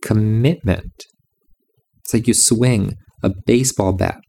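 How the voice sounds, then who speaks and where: A man's voice: mid-range voice, moderate pace, creaky, dark tone, slight background noise. A man giving a reflective monologue about music and meditation, insistent and repeating his phrases.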